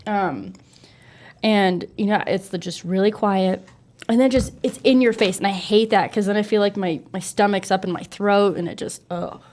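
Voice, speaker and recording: A young woman co-hosting a casual chat about what scares her. She talks in an animated, slightly anxious way and fills the gaps with "like" and "you know". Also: medium pitch, normal speed, slight background noise. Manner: animated, easily spooked, frequent fillers. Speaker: co-host.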